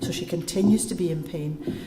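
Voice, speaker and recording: In an echoey room with background noise, a woman with a lowish voice talks fairly quickly. She's delivering a public lecture to a live crowd, answering questions, spinning lively stories and breaking things down step by step.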